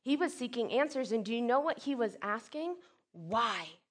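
A woman preaching a sermon, expressive, swinging from loud emphatic lines to soft hushed ones and acting out quoted speech. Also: fairly high pitch, fairly quick. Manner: acts out quoted speech with sudden bursts.

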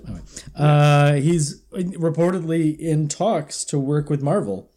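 A man with a mellow, slightly raised voice talks through the news in a loose, casual chat. He rambles, fills gaps with ums and uhs, and laughs easily. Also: on the high side, measured pace. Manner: laughs often, relaxed rambling delivery with many fillers. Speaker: podcast co-host.

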